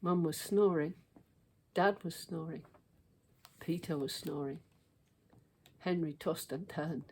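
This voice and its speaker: Slow, low-voiced woman reading a storybook. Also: slightly rough. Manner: expressive and measured. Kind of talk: children's storybook read-aloud.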